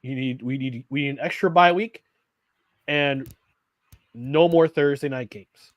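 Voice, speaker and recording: A man's voice: medium pitch, a little slow, dry recording. A man co-hosting a live sports talk show, rambling with restarts and reading viewer comments aloud. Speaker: podcast co-host.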